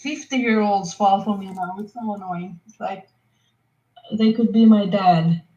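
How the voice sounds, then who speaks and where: A young woman chatting casually as a guest, deadpan and wry with quick asides. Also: medium pitch, echoey room. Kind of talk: casual live chat. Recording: slightly dull, lo-fi audio.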